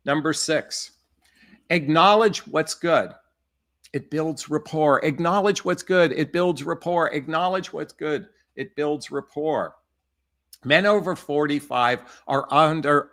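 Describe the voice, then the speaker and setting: A man's voice: a little high, a little slow, a bit bright. A man giving dating advice as a coach, emphatic and repeating his key phrases. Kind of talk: advice talk to camera.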